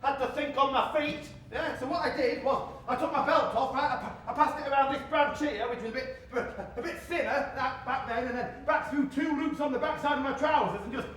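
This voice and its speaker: A man's voice: very high voice, fairly even intonation, brisk, few pauses, fairly bright tone. Stubborn man camping up a tree, rambling and far off. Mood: chatty. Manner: rambling, digressive storytelling. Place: outdoors, up a tree. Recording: very echoey, distant, faint outdoor noise.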